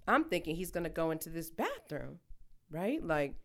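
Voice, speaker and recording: A young woman co-hosts a casual podcast. She tells her stories in an animated, profane way and throws herself into acting out quoted lines. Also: medium pitch, normal speed. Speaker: podcast co-host. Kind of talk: casual storytelling chat.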